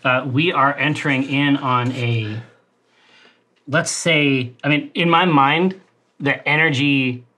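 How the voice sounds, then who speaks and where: A man's voice: mid-range voice, slow, pushed and bright. A man running a tabletop horror game as keeper, with playful, theatrical phrasing. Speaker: game master.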